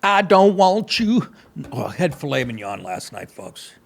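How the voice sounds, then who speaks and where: Brief: middle-aged man, podcast host, gravelly voice, lively swings, crude mocking commentary. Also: a little high, unhurried. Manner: profane, sarcastic, mocking asides. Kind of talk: comedic news rant.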